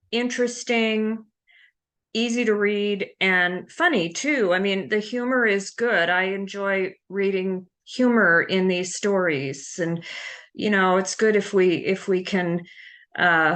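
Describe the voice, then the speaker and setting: A woman's voice: mid-range voice, fairly bright tone. A woman hosting a book club interview, speaking hesitantly with frequent restarts. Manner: slow, hesitant, with many restarts. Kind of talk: casual interview.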